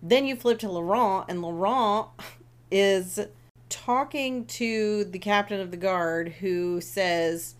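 A woman co-hosting a podcast, recapping a book in casual chat, animated and swearing freely. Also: mid-range voice, slow pace. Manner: animated, swears freely, acts out characters' lines. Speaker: podcast co-host.

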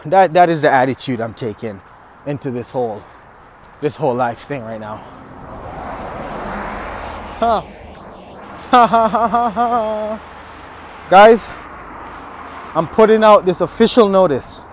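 A man's voice: on the high side, lively intonation, unhurried, pauses often, a little hiss or hum. A man hosting a podcast, delivering a riled-up, trash-talking motivational rant with bursts of laughter. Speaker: podcast host.

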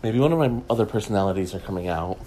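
A man with a low voice hosts a relaxed solo gossip talk, rambling and joking at his own expense. He trails off and restarts often. A faint hiss sits under the recording. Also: very fast, low-quality recording. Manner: chatty, rambling, self-mocking with many fillers. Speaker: gossip podcast host. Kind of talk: casual solo chat.

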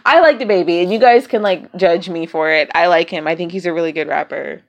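A woman with a slightly low voice, chatting easily at a podcast mic. She reacts to her co-host and drifts through her own updates with soft pauses and fillers. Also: highs cut off. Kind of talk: casual chat.

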